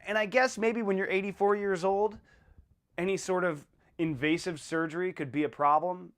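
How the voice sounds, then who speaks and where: A man hosting a podcast in a casual monologue, animated and blunt, acting out little exchanges as he talks. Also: sits high, normal speed. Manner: animated, acts out little dialogues in a raised voice; blunt and irreverent. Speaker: podcast host.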